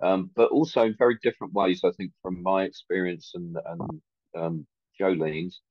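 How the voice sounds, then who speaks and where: A man giving earnest, hesitant remarks on a video call, with many pauses and fillers. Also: deep voice, fairly even intonation, dry recording, lo-fi sound. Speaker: community participant.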